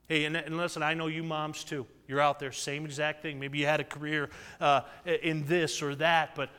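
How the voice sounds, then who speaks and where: The recording carries echoey hall reverb as a pastor in his thirties preaches in a church sanctuary. His voice is on the high side, level and smooth yet pushed and bright, at a moderate pace, and he asks the congregation for frequent amens in call-and-response.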